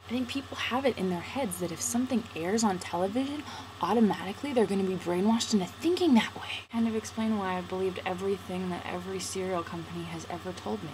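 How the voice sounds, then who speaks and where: A woman's voice: mid-range voice, fast talker, a little mellow, a little hiss or hum, rough recording. A young woman in college talking casually to camera in a playful, sarcastic, jokey vlog. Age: young adult. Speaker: vlogger.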